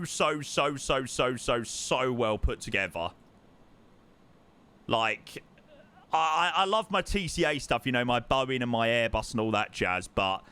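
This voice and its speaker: Lively, bright-voiced male streamer. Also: mid-range voice, smooth. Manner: chatty, answers chat, repeats words for emphasis. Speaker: livestreamer. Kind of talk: casual live-stream chat while flight simming.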